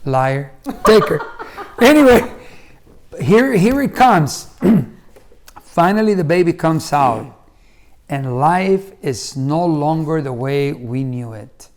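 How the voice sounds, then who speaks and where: A man's voice: fairly high pitch, takes it slowly, pauses often. A middle-aged man, a husband and father, in casual storytelling chat, acting out the lines he quotes. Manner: animated storyteller who acts out quoted lines with bursts of loudness.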